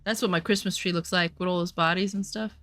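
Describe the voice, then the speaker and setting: A woman's voice: on the low side, steady tone, quick pace, a bit bright, no echo. A woman chatting casually and profanely while streaming a game, full of rambling asides. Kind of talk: casual gameplay commentary.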